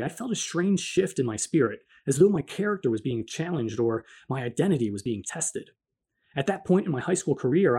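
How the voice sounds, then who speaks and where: An earnest male narrator reading his own reflective memoir and posing rhetorical questions to the listener. His voice sits a touch high for a man, yet it sounds mellow and slightly husky. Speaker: narrator of a personal faith story.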